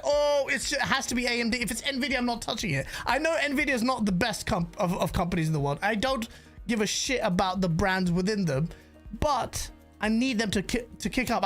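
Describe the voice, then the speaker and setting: Woman, gaming news streamer, casual livestream rant, swears a lot, reacts to chat, lively pitch, faint music behind. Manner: rambling, profane, reacts to chat.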